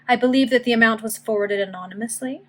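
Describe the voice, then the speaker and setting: A woman's voice: on the high side, a bit bright, voice pushed up, lightly acted, rough recording. Woman reading as a courteous Victorian earl. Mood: probing. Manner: formal, measured speech.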